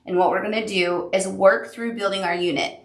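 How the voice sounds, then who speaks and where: A woman's voice: mid-range voice, fairly even intonation, a little fast, roomy sound. A woman teaching a sewing machine appliqué tutorial, upbeat and encouraging as she talks the viewer through each step. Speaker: quilting instructor.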